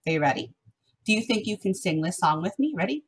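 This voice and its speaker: Sing-song teacher woman, slightly husky. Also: medium pitch, lively intonation, quick pace. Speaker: elementary music teacher. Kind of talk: remote music lesson for young children.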